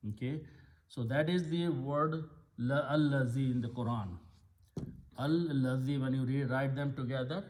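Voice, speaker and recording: A man teaching Arabic grammar of scripture in a patient lesson, explaining step by step and repeating key words. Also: mid-range voice. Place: Islamic center classroom.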